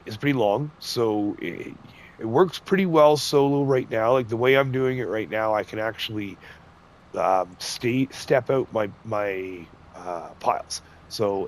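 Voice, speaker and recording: A middle-aged man with a cold, his voice nasal and congested, chatting folksily through farming gameplay as a gaming channel host and chuckling often. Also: medium pitch. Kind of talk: casual gameplay commentary.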